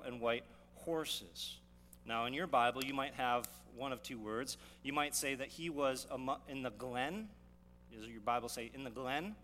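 A man's voice: mid-range voice, a bit bright. A male pastor preaching a sermon, teaching verse by verse with rhetorical questions and frequent restarts. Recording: long reverb of a hall, faint hum.

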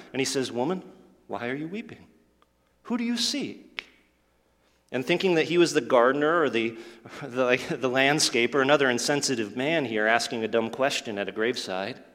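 A pastor preaches a sermon in a mid-range, slightly bright voice, telling the story earnestly and acting out the quoted lines. A long hall reverb hangs on the recording.

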